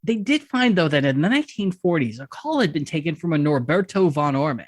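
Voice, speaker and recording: A woman's voice: deep voice, big pitch swings, a little fast, no echo, studio quality. A woman co-hosting a podcast, telling a history story in a wry, profane, casual way with frequent laughs. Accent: Texan. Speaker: podcast co-host.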